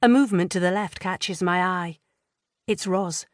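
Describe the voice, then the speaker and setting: A woman reading a first-person psychological thriller audiobook in a measured, tense way. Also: fairly low pitch, no echo, clean studio sound. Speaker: audiobook narrator.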